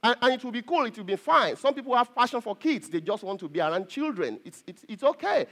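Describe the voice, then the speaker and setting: A pastor preaching an earnest sermon to his congregation, repeating phrases and pausing on fillers. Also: very high-pitched, expressive, fairly bright tone.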